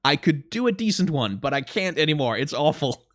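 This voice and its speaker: A young Danish man with a slight accent chats casually on a live stream, reading donations aloud, excitable and cursing freely. His voice is a bit high and his pace fairly quick.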